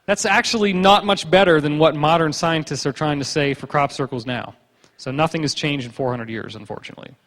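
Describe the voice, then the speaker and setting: A man's voice: fairly high pitch, steady tone, fairly quick, a bit bright. A man giving a conference lecture with slides, a joking, sarcastic storyteller who acts out the people he quotes. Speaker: conference speaker. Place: conference hall. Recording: long hall reverb.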